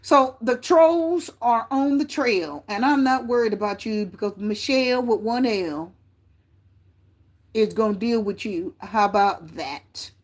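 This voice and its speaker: A woman's voice: a little high, measured pace. A woman giving a casual tarot reading to her viewers, chatty and prone to repeating herself. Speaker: tarot reader.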